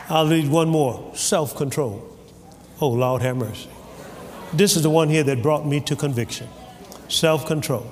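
Male preacher, slightly high voice, lively pitch swings, church sermon, long hall reverb. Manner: animated, calls for amen from the congregation. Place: church sanctuary. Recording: hall reverb with faint ambience.

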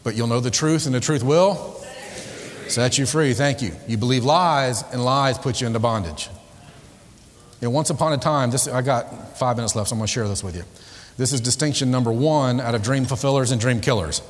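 Male motivational speaker, mid-pitched, emphatic and repetitive, quizzing a live crowd in a reverberant hall. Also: brisk. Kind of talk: live motivational seminar talk with spiritual themes. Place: large hall before a live audience. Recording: echoey hall with long reverb.

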